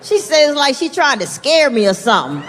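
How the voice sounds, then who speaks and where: Animated woman doing stand-up, high voice. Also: moderate pace, over loud music, over a noisy crowd. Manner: animated, swings into loud high-pitched put-on voices for punchlines. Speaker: stand-up comedian. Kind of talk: stand-up comedy set. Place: large theater stage. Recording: live theater stage mic with long hall reverb and audience laughter. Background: audience laughter and ambience.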